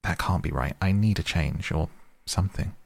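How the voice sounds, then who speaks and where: A man's voice: deep voice, normal speed, creaky. A man voicing a restless, possessive aging male hobbit who talks in a fussy, defensive way. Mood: wistful. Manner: fussy, turns snappish and defensive.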